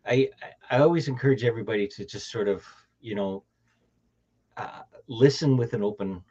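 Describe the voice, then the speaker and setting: A man's voice: fairly low pitch, a little fast, warm tone, husky. A man with a Canadian accent hosting a casual podcast chat, rambling through restarts and laughing easily. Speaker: podcast host. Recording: dull lo-fi audio.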